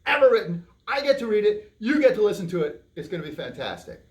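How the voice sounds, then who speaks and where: Playful, animated man storyteller. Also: high voice, quick pace. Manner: playful, hammy, talks to a puppet and the kids. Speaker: library storyteller. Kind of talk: reading a picture book aloud to children.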